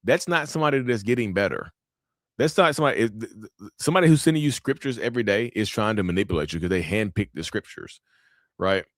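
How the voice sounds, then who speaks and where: A man's voice: fairly low pitch, animated, fast talker, fairly bright tone, dry recording, studio quality. A man chatting casually on a livestream, reacting to viewer comments in a blunt, emphatic way that repeats phrases for effect.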